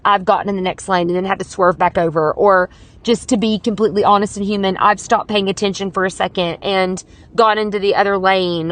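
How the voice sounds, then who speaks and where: A woman's voice: mid-range voice, a bit bright. A woman hosting her own podcast, telling a personal story in an earnest, chatty way, full of "like" fillers. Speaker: podcast host. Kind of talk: casual solo podcast storytelling; scripted podcast intro.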